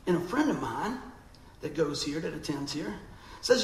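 A man preaching, his voice gravelly and pitched a little high. He tells a story with animation, acting out other people's voices. The sound is echoey, as in a church hall, with faint background noise. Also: sing-song, moderate pace. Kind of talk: storytelling sermon.

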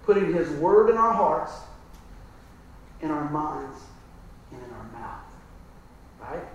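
A pastor preaching a sermon, telling stories and asking for an amen. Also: male voice, fairly high pitch, sing-song, slow, creaky, muffled recording, a little hiss or hum. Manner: storytelling, emphatic, calls out "Amen?". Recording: very echoey room, mic at a distance.

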